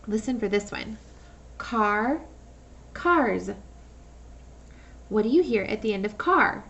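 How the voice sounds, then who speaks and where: In an animated, medium-pitched voice, a woman teaches phonics to young kids, patiently sounding out words slowly and posing questions. The recording is lo-fi and picked up from a distance.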